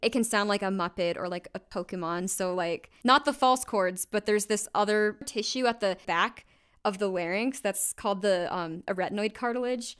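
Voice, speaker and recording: A woman's voice: medium pitch, fairly bright tone, clean tone. A woman singer chatting casually on a livestream while recording vocals, laughing often and saying "like" a lot. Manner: chatty, quick laughs, frequent "like".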